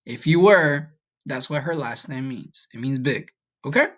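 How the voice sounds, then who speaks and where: A man talks through a recorded vocabulary lesson in a patient teacher's way. He breaks each word down, asks students to repeat after him and keeps checking in with "okay?" His pitch sits in an ordinary middle range. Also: animated, unhurried, fairly bright tone. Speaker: Spanish teacher.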